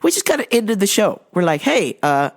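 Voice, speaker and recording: A woman vlogger tells stories in a casual, chatty monologue. Her pitch swoops lively up and down, and she laughs often. She exaggerates as she retells things. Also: quick pace.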